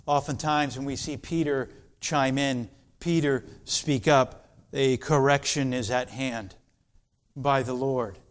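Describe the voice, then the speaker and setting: A man preaching an expository sermon as pastor, slow and deliberate, building to emphatic passages. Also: medium pitch, steady tone.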